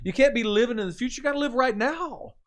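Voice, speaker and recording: A man who is a pastor, talking about faith in an earnest, animated storytelling way with a preaching cadence. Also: very high-pitched, quick pace. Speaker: pastor, podcast guest.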